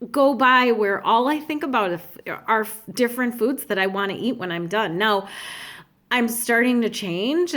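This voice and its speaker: A middle-aged woman talking earnestly and candidly in a personal vlog, with halting restarts. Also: medium pitch, fairly bright tone. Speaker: vlogger.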